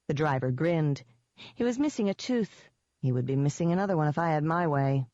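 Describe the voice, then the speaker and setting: A woman with a low, deep-set voice narrates a novel in the first person, keeping an even and wry tone. The recording is dry, with no room sound, and the audio is slightly dull and lo-fi. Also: brisk, no echo.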